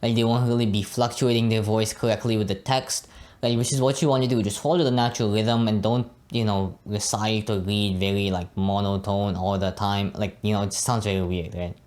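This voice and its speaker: Young guy casually explaining arabic sounds, lowish voice, keeps saying right. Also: fairly quick. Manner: relaxed, frequently adds "right?" and "you know". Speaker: Arabic pronunciation teacher. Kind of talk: casual teaching monologue.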